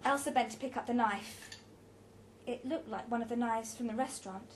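A woman's voice: on the high side, moderate pace, a little hiss or hum. A woman reading a story aloud with a dramatic, varied delivery.

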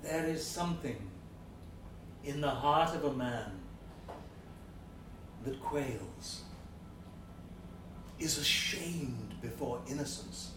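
A man playing a drunken Georgian gentleman. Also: fairly high pitch, slow pace, pauses often, noisy background. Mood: maudlin. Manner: theatrical, swinging between bluster and hushed brooding. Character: drunken middle-aged Georgian gentleman, boastful and remorseful. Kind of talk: dramatic monologue. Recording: roomy, distant mic.

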